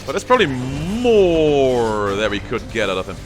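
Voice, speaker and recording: A young man with a medium-pitched, sing-song voice commentates casually on his own gameplay at a moderate pace over music. As a gameplay streamer, he playfully taunts the enemies along the way.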